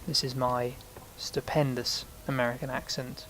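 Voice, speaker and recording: This man's medium-pitched voice moves at normal speed over a faint hiss or hum. Hosting a gaming channel, he wanders through let's-play commentary on his game and pokes fun at himself along the way.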